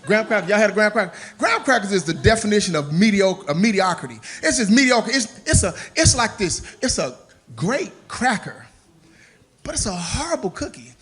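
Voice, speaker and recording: A male stand-up comedian performing a set with an animated, punchy delivery. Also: high voice, a little fast.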